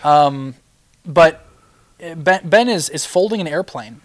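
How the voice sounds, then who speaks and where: A man's voice: on the high side, expressive, crowd noise. A young man co-hosting a podcast, chatting casually and joking around. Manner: playful, jokey, quick to laugh. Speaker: podcast co-host. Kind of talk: casual chat.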